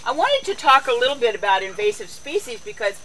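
A woman's voice: on the high side, sing-song, fast talker, bright, forceful tone, a little hiss or hum, poor audio. A woman hosting a casual cooking and garden show outdoors, chatty and folksy, chatting to her animals as she goes. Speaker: host of a lifestyle show.

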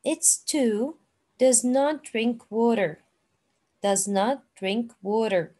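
Woman teacher, very slow patient delivery, repeats each word, voice a bit high. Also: warm tone. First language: Arabic. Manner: slow, repeating words for learners. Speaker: English teacher. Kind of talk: online classroom lesson.

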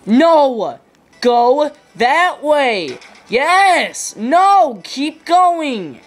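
A woman playing a platform game and yelling frustrated complaints and curses at it. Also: high voice, sing-song, extremely slow. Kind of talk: rage gameplay commentary.

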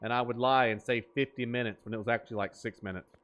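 Streamer guy cracking jokes over gameplay, mid-pitched, casual banter. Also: fairly even intonation, fast, a bit bright. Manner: joking, riffing, playful banter. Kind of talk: gaming stream commentary.

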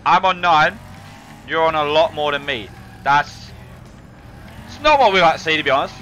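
A young man, excitedly commentating his own car game, swearing and calling everyone mate. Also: on the high side, normal speed, a little hiss or hum, rough recording. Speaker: gaming video host. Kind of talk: casual gameplay commentary.

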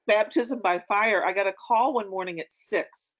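A middle-aged woman talks in a relaxed, chatty way, spinning long anecdotes full of ums and restarts. Her voice sits at an ordinary pitch for a woman. The audio is dull and lo-fi. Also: normal speed. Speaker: opera singer guest. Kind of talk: casual conversation.

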